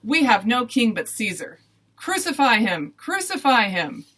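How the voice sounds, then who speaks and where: A woman voicing an angry crowd, giving loud chanting shouts in a storybook reading. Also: fairly high pitch, very animated, a little slow, voice pushed up, exaggerated voice.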